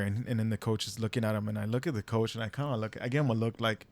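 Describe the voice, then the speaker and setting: A young man on a podcast, telling a story in a casual, animated way, laughing and swearing as he goes. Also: on the low side, rapid-fire, gravelly, no echo. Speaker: podcast co-host.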